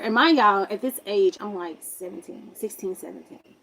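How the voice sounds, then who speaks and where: Young woman chatting through a story, playing out the voices, little hiss behind her. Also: moderate pace. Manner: animated, acts out quoted voices with big pitch jumps. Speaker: vlogger telling a life story. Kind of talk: casual storytelling.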